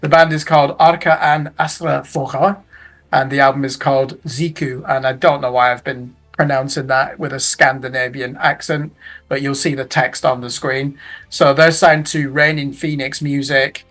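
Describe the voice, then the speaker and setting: A man's voice: mid-range voice, steady tone, moderate pace, fairly bright tone, faint music behind. A middle-aged man giving a casual roundup of new albums in a chatty way, with tag questions and self-corrections. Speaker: music reviewer.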